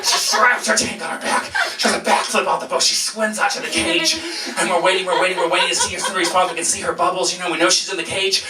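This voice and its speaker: A man telling a funny personal story to an audience, animated and self-mocking, acting out voices and sounds, in a roomy echoing space. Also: high voice, fast, hardly any pauses, soft background music.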